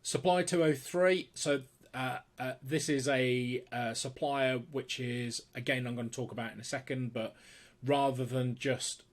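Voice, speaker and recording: A man of ordinary pitch hosting a weekly product rundown. He talks off the cuff and keeps stopping to restart with plenty of ums and uhs, and he sounds keen as he pitches each item. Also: steady tone, a little slow. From United Kingdom. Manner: unscripted, many fillers and restarts, enthusiastic sales pitch. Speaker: host presenting weekly product picks.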